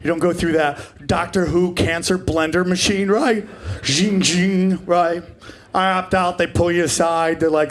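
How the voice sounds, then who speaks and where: A man's voice: high voice, steady tone, unhurried. A man in his forties performing a stand-up comedy set, brash and profane, riffing with the crowd. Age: 40s.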